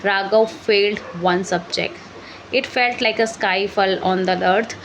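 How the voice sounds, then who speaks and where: A woman reading a story aloud for shadowing practice, halting and correcting herself as she goes. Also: medium pitch, background noise. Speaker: English learning channel host.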